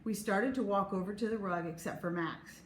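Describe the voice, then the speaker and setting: A woman reading a children's chapter book aloud in an expressive, unhurried way. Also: mid-range voice. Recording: echoey room, faint hum.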